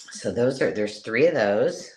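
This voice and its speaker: A woman hosting a live-stream craft sale, chatty and excitable, counting items aloud as she shows them. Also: rumbling low. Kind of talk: casual live-stream selling chat.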